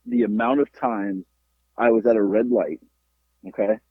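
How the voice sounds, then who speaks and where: A man from Florida, a podcast host, telling a profane story in a lively, repetitive way. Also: on the low side, moderate pace, husky, no echo, phone-quality sound. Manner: animated, profane, repeats himself. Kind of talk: casual storytelling chat.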